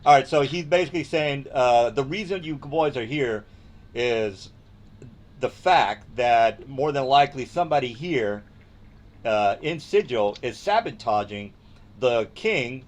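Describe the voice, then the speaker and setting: A man's voice: mid-range voice, lively intonation, measured pace. A man running a tabletop game as dungeon master, narrating loosely with many ums and restarts.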